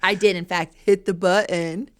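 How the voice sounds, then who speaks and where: A woman's voice: fairly low pitch, steady tone, normal speed. Playful laughing female podcast co-host. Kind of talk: casual local podcast chat.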